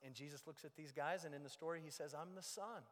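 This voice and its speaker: A man preaching a sermon as pastor, moving between loud emphasis and hushed low lines. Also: level tone, quick pace. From United States. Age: young adult or middle-aged. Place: church sanctuary. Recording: long reverb of a large hall.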